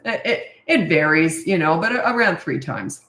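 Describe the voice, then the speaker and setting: A woman's voice: fairly low pitch, lively intonation, normal speed, fairly bright tone. A middle-aged woman parenting coach answering questions in a casual, blunt, matter-of-fact way, with chatty asides. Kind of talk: casual Q&A advice. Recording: roomy echo.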